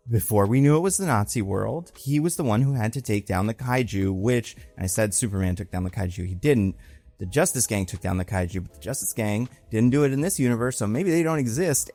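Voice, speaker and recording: A man's voice: fairly low pitch, a little mellow, dry recording. Chatty man breaking down a TV episode. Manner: chatty and conversational, swings into exaggerated voices when quoting characters. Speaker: online film and TV commentator. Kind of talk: casual episode breakdown commentary.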